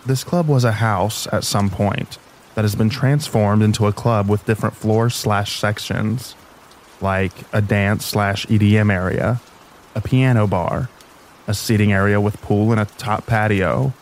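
A man reading first-person stories aloud in a calm, even storytelling voice, narrating as the show's reader. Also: fairly low pitch, a little hiss or hum, low-quality recording. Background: rain sounds.

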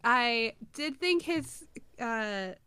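A woman's voice: on the high side, animated, very slow, bright, forceful tone, clear, resonant tone, no room sound. A young woman co-hosting a podcast, chatting casually with lots of fillers and frequent laughter. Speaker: podcast co-host. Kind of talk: casual chat.

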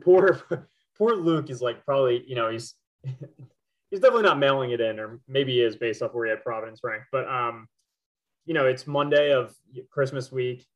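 A man's voice: medium pitch, normal speed, lo-fi sound. A man co-hosting a sports podcast, chatting casually, rambling and laughing often. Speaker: podcast co-host.

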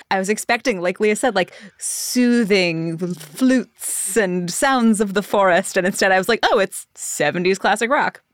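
Low-voiced woman guest, candid. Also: no room sound, clean studio sound. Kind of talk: casual interview.

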